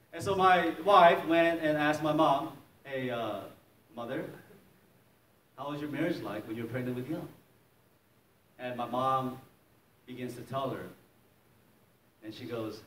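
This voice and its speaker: In this clip from a church hall, a middle-aged pastor shares a personal story in his sermon, frequently chuckling and imitating the voices of its characters. His voice sits a little high and sounds expressive and sharp, and he takes his time with long pauses. The echoey hall is captured from afar, with slight background noise.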